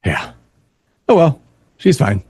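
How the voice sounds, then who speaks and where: A man's voice: mid-range voice, sing-song, slow pace, a little mellow, slightly rough, no echo. A man from upstate New York co-hosting a casual podcast, making dry jokes and teasing his guests. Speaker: podcast co-host.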